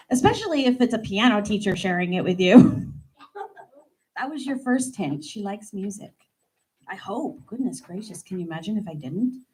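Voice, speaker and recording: Between songs at a live performance, a woman singer-pianist and piano teacher talks casually into the stage mic from her piano, laughing at herself in a self-deprecating way. She speaks at medium pitch, expressive and unhurried, with frequent pauses and a mellow tone. The audio quality is poor, with slight hiss or hum.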